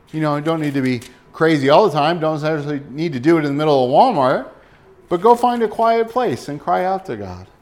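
A man's voice: on the high side, very animated, a little fast. Man preaching a sermon with direct questions. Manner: direct, asks listeners rhetorical questions. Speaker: pastor.

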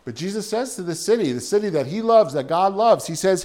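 A man's voice: high-pitched, animated, brisk, few pauses, darkish tone. A male pastor preaching a sermon in an earnest way, building to emphatic peaks.

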